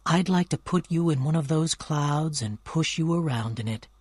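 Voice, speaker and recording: An excitable, tender young woman who gushes breathlessly, voiced by a man who lifts his pitch for her. The sound is dry and close, like a storybook reading for learners. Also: normal speed, husky, no echo. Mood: eager.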